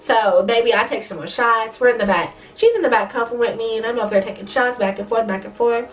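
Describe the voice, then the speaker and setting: A young woman telling a story in a fast, profane, animated way, with a stuffy nose. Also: on the high side, distant mic, faint music behind. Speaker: vlogger. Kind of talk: casual storytime.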